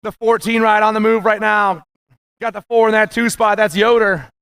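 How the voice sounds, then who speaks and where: A man calling live races as the announcer, excited and punchy, rattling off names and nicknames. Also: sits high, normal speed, clean tone, no echo, studio quality. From USA. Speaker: race announcer. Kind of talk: live race commentary.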